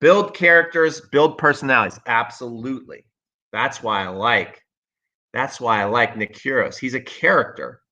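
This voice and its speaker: Bright, forceful man talking tennis. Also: mid-range voice, normal speed, lo-fi sound. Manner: emphatic, opinionated, repeats himself. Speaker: tennis coach, host. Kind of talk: casual livestream chat reading viewer comments.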